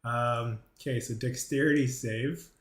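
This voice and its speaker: A man runs a tabletop game as game master. His pitch sits mid-range and he pauses often, restarting sentences with plenty of fillers. The room around him is echoey. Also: steady tone, very noisy. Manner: hesitant, many fillers and restarts.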